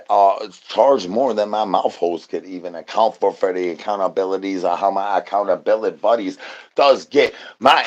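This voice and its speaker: A man hosting a livestream, talking to his chat in goofy rhyming nonsense with singsong repeats, swinging between low mumbles and loud shouts. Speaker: livestream host. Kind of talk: rambling comedic stream chatter.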